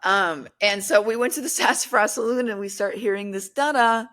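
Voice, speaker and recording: A young woman telling a story in casual podcast chat, animated, acting out quotes with lots of fillers. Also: mid-range voice, moderate pace. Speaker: guest, paranormal content creator.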